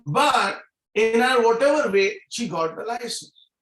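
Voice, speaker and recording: A man's voice: extremely high pitch, animated, measured pace, a bit bright, roomy sound, low-quality recording. A middle-aged man speaking as a guest at a business meeting over a video call, earnest and repeating key phrases for emphasis. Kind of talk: motivational talk on a video call.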